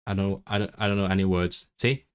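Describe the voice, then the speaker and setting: Here a man speaks fast in a low, clear, resonant tone over a desk mic. Native in English, he livestreams casually about learning languages, restarting often as he thinks aloud, reading chat, and switching to learner's Welsh with lively intonation.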